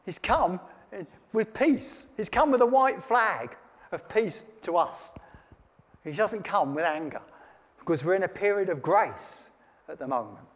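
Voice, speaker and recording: Male preacher, slightly high voice, long hall reverb. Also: animated, a little slow. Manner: reads scripture aloud then comments in plain chat. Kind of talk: sermon.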